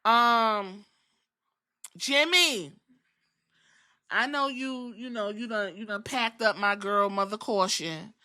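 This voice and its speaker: A woman hosting a podcast, recapping wrestling in animated, profane storytelling. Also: mid-range voice, normal speed, few pauses. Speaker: podcast host.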